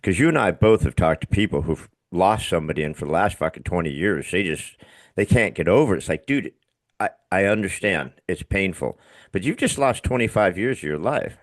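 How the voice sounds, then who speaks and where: A man hosting a podcast, chatting casually in a blunt, profane, animated way. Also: sits low, fairly quick, no room sound. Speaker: podcast host. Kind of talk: casual interview chat.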